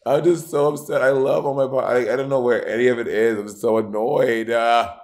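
A man co-hosting a casual podcast, sounding dramatically fed up and laughing through his complaints. His voice sits at an everyday middle pitch for a man. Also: fairly even intonation, fairly quick, a little mellow. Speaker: podcast co-host. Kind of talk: casual chat.

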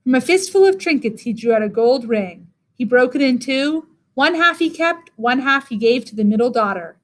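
A teacher reading a fairy tale aloud in a measured, expressive way. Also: female voice, high-pitched.

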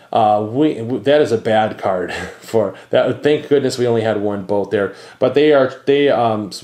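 Guy with a lowish voice talking through a solo board game, lots of ums, reading cards out loud. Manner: thinks aloud, reads game cards out, many fillers. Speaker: board game channel host.

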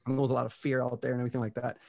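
A man's voice: mid-range voice, completely flat delivery, racing, gravelly, a little mellow, no room sound, clean studio sound. A man speaking as a podcast interview guest, talking with motivational energy and often checking in with "right?" and "you know". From Puerto Rico and the US. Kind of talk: casual podcast conversation.

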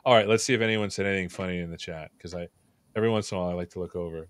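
A man's voice: deep voice, fairly even intonation, very fast, clear, resonant tone, dry recording. A man hosting a live tech show, chatting playfully and joking with his guest before and during the intro. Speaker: show host. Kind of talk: livestream chat and hosting.

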